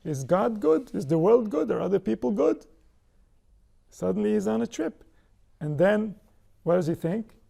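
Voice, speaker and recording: A man's voice: sits high, very animated, normal speed, gravelly, long pauses, mellow. A man giving a spiritual Torah lecture, posing rhetorical questions and answering them himself. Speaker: spiritual teacher.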